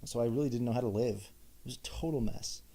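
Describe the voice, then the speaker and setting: A man's voice: mid-range voice, fast talker, warm tone. A young man in a personal monologue as podcast host, telling his own story with candid, self-mocking asides.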